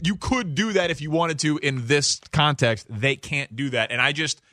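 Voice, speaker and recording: Male co-host, bright forceful voice, excitable and stammering, dry studio. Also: a little high, no echo. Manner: animated, stammers on restarts, quick to laugh. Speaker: radio show co-host. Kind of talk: casual studio chat.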